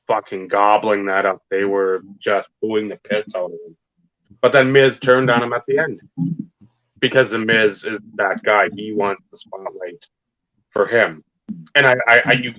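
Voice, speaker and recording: A man's voice: fairly low pitch, fairly bright tone, no echo. A man co-hosting a podcast, talking casually and rambling about wrestling, swearing often and stressing his points. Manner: profane, rambling, emphatic wrestling fan talk. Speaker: podcast co-host. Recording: dull lo-fi sound.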